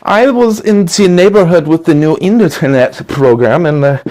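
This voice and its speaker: A comedian playing a hot-tempered German door-to-door salesman with a put-on German accent who swings from polite to shouting. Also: a little high, normal speed, pitched above the performer's own voice, natural voice. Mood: stiff polite. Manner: polite then suddenly shouting.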